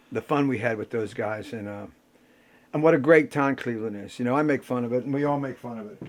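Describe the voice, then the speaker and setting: An older man, a rock musician bantering with the audience between songs and telling stories in a salty, rough-edged way. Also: medium pitch. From Pittsburgh. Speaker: rock musician performing a solo show.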